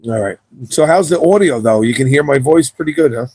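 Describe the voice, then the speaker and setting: A man's voice: mid-range voice, animated, a little fast, dark tone, breathy edge, no echo. A young man chatting casually at the end of his gaming livestream, laid-back, rambling and cursing often, on a cheap wireless mic.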